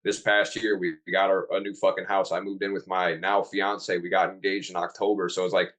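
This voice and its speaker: A young man on a group video call, candid and profane, telling his story in an excitable way. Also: sits low, brisk. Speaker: coaching client on a group call. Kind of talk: casual chat.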